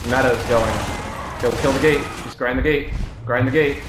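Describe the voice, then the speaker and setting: A man's voice: medium pitch, steady tone, moderate pace. A man commanding his team in a live online game, giving urgent, repeated orders. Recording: echoey, noisy game capture. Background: gunfire from game.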